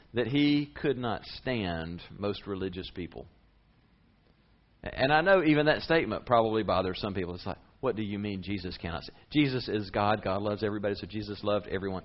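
A man preaching a sermon as a pastor, conversational and lively, with big rises and drops in his voice. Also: highs cut off. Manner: lively, conversational preaching with sharp swings in pitch and volume.

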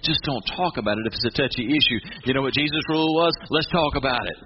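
A man's voice: medium pitch, fast, lo-fi sound, noisy background. A man preaching a sermon in a conversational way, asking the listeners questions. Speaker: pastor.

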